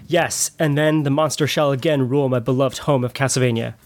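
A man's voice: medium pitch, fairly even intonation, a little fast, close to an everyday voice. A man voicing a solemn, earnest male vampire hunter in a dramatic reading of a novel. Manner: earnest, formal.

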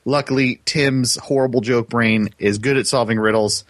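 A man's voice: mid-range voice, fairly even intonation, normal speed, dry recording, clean studio sound. A man co-hosting, casually recapping a story with laughter and filler words. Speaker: co-host.

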